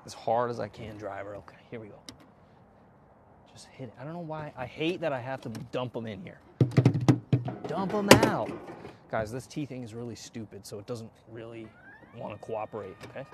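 A man chatting casually to viewers while hitting golf balls, excitable and self-mocking, swearing often and breaking into loud outbursts. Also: medium pitch, fairly quick, noisy background. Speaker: golf vlogger. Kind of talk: casual range-session chat to viewers.

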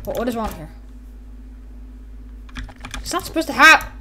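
Excitable woman with a lively, bouncing voice. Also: on the high side, unhurried, slight background noise. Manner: excitable, rambling, acts out characters and sound effects. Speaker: gaming YouTuber. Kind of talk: casual gameplay commentary.

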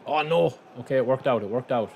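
A man with an excitable manner, commentating live on his own football video game and talking straight to his viewers. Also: mid-range voice, fast, gravelly, slight background noise. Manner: excitable, shouts and groans at the play, addresses viewers as lads. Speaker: gaming channel host.

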